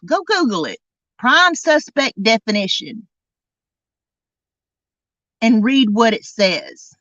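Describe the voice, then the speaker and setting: Indignant woman, slow dry commentary. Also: a little high, a bit bright, no room sound, lo-fi sound. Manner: indignant, repetitive, emphatic; drawls key words slowly for emphasis. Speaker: true crime podcast host. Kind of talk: angry commentary monologue.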